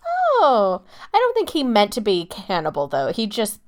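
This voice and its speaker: A woman co-hosting a travel podcast in casual chat, delivering absurd jokes in a dry, deadpan way. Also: medium pitch, brisk. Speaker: podcast co-host.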